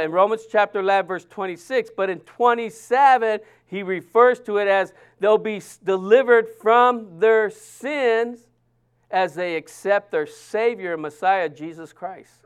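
A man's voice: high voice, unhurried, clean tone. A man preaching a sermon, earnest and emphatic, often restarting his sentences.

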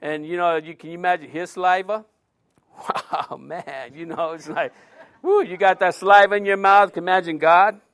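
A man's voice: high voice, steady tone, normal speed, a bit bright. A middle-aged male preacher giving a conversational sermon, full of rhetorical questions and joking asides.

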